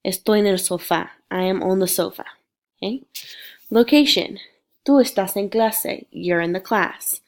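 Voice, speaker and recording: A woman's voice: mid-range voice, normal speed. Woman teaching with a sniffly cold. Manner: clear, patient explaining. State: sick with sniffles. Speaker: Spanish teacher. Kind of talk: recorded lecture.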